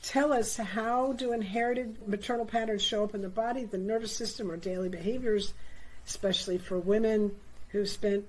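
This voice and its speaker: A woman hosting a panel discussion, affirming and gently encouraging as she hands over questions. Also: mid-range voice, fairly even intonation, moderate pace, low-quality recording. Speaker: host and facilitator.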